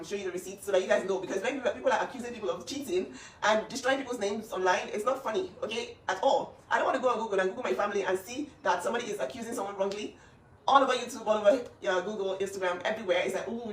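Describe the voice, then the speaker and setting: A woman's voice: medium pitch, roomy sound, recorded from a distance, a little hiss or hum. A woman speaking up for her younger sister in an emphatic, insistent casual talk. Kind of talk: emotional casual talk to camera.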